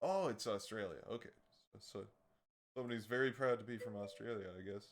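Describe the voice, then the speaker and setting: A man's voice: lowish voice, fast talker. A young man commenting casually on videos during a live stream, mocking and swearing freely and laughing often.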